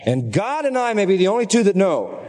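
A middle-aged man preaching a sermon, earnest and emphatic, at times climbing into high, excited exclamations. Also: brisk, background noise. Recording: long hall reverb.

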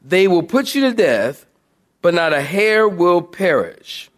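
A man with a high, bright voice preaches in a drawl. He tells his story with plenty of energy, laughing as he goes and now and then bellowing out an impression of a drill sergeant. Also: slow pace. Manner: animated, acts out shouting and laughs mid-story. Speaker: pastor. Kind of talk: storytelling sermon.

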